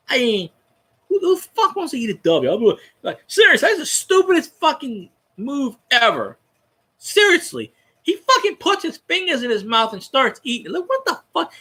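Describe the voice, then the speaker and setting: A man's voice: extremely high pitch, pushed and bright. A man giving a profane, rambling football fan rant in casual chat.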